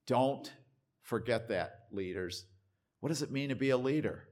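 An older man preaching a sermon as pastor in a church, emphatic and repetitive, swinging between loud stresses and hushed asides. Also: mid-range voice, animated, moderate pace.

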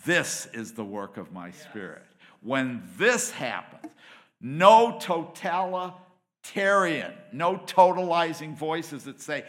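A man preaching a sermon with passion, rising to loud emphatic peaks and dropping to hushed asides. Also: fairly high pitch, very animated, slow.

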